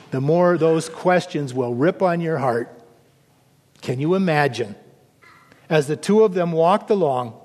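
A man with a fairly high voice preaches a sermon, earnest and measured. He sinks low and soft to drive points home. The sound carries a long reverb, as in a large hall. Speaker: pastor.

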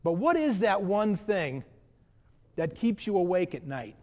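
Earnest high-voiced preacher in reverberant hall. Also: male voice, sing-song, a little slow. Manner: earnest, swings between loud emphasis and hushed soft passages. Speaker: pastor. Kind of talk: sermon. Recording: long reverb of a large hall.

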